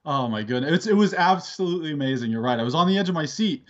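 Man, co-host, excitable, laughs easily, swears, slightly high voice, dull lo-fi mic. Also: fast. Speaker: podcast co-host. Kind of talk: casual wrestling chat.

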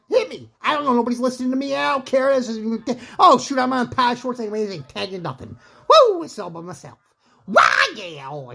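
A woman doing joking amateur play-by-play commentary on a fight, rambling, excitable and whooping. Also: fairly high pitch, vocal fry, slightly rough. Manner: rambling, excitable, whooping and laughing at her own jokes.

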